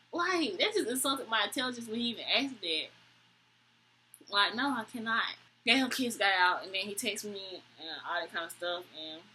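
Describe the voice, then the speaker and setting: A young woman, telling a story to camera in an animated, exasperated way. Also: slightly rough, poor audio. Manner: animated, exasperated, quotes people with high voices. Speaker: vlogger. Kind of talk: storytime vlog, casual chat to camera.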